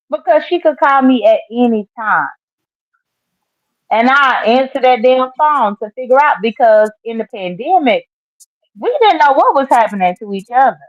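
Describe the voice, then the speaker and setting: A woman's voice: sits high, dry recording. Outspoken woman on a muffled call. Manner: heated, outspoken, swears. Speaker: livestream guest. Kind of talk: casual livestream chat.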